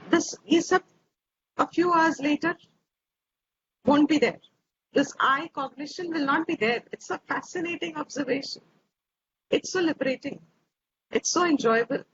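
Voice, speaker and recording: A woman teaching scripture slowly and reflectively, repeating her phrases, over a video call. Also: sits high, a bit bright. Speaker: Vedanta teacher. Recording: dull lo-fi audio with faint hiss.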